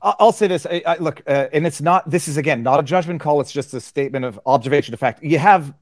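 A man hosting a live interview, speaking haltingly and stammering as he tries to get his words in. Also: a little high. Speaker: host.

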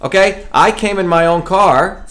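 Guy from india pitching his campaign, kinda high voice, keeps repeating and tripping over words. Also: measured pace, fairly bright tone. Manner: emphatic, repeats himself, stumbles on words. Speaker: political candidate hosting a web show. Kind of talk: campaign talk to camera.

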